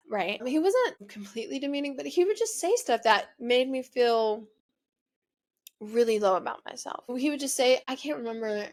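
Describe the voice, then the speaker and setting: A young woman hosting her own show, telling a personal breakup story in a rambling, confessional way, full of "like" and "you know". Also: on the high side. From United States. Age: young adult. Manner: rambling, heavy use of "like", emotional confessional. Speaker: podcast host.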